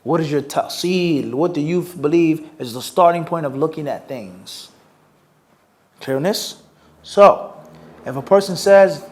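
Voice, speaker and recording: A man with a fairly high, darkish-toned voice teaches Islamic topics in a live question-and-answer lecture. He poses rhetorical questions, quizzes listeners with "what?", and mixes Arabic phrases into his English.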